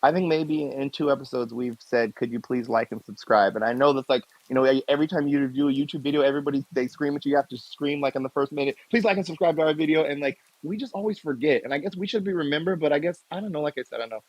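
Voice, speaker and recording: Man, higher voice, loose playful rambling, dry. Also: quick pace, few pauses, a little mellow, no room sound, dull audio. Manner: rambling, self-correcting, playful. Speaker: guest artist. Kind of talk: casual live audio chat.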